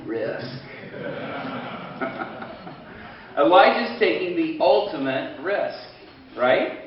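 A man preaching a sermon as a pastor, telling a story in an animated, rambling way with many restarts. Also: on the high side, extremely slow. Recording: echoey room, distant mic, dull sound.

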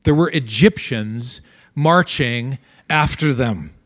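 A man's voice: fairly high pitch, expressive, unhurried. A man reading scripture aloud and explaining it as a Bible teacher, having his listeners repeat lines after him. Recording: dull lo-fi recording.

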